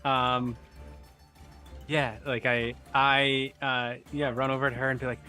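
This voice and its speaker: A man playing a tabletop role-playing game who talks slowly and hesitantly, pausing often. His voice is bright, and faint music plays behind him. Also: mid-range voice, level tone. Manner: hesitant, many fillers. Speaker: player. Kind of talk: casual tabletop play.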